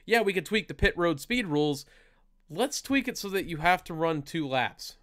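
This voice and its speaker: A young man co-hosting a casual podcast, chatty and upbeat as he runs through plugs and shout-outs. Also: on the high side, lively intonation, no echo, studio quality. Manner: chatty, reads plugs in a quick upbeat run. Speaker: podcast co-host.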